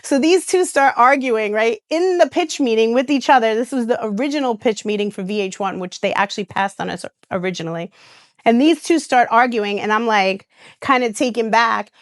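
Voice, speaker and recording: A woman's voice: fairly high pitch, brisk, no room sound, clean studio sound. A woman, telling stories in a casual interview and acting out the voices of the people she quotes. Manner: animated storyteller who acts out quoted voices, with restarts and laughs. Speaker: reality TV star and guest.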